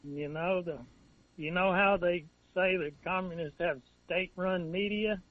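A man calling in who cracks dry, deadpan quips. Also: sits high, unhurried. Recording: tinny phone line.

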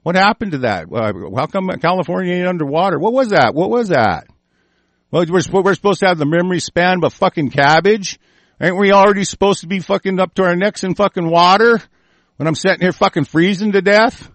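A man's voice: high-pitched, lively intonation, a little fast, no room sound. A man hosting a commentary show, ranting angrily and swearing heavily while stumbling through news he reads aloud. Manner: angry, cursing heavily, shouting; stumbles over words while reading.

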